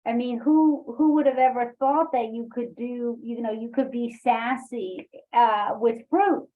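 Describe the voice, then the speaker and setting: Halting woman on a tinny call. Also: a little high, fairly even intonation. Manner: halting, many fillers and restarts, laughs often. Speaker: workshop leader. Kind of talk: online poetry workshop discussion.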